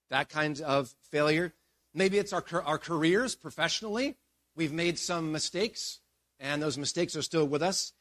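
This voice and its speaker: A male pastor giving a sermon with animated storytelling, swinging between emphatic bursts and hushed passages. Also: on the high side.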